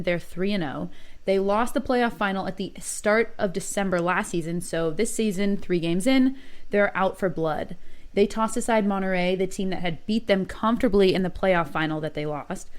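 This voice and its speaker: An enthusiastic woman co-hosts a casual football podcast, rattling through standings with upbeat energy. Her voice has an everyday middle pitch. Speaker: podcast co-host.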